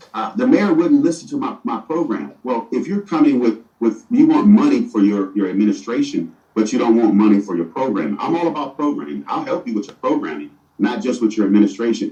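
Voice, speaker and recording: A middle-aged man, the mayor of a city, gives earnest interview answers, often stumbling and repeating words. His voice is medium-pitched and mellow, the highs cut off, and he's recorded far from the mic in an echoey room.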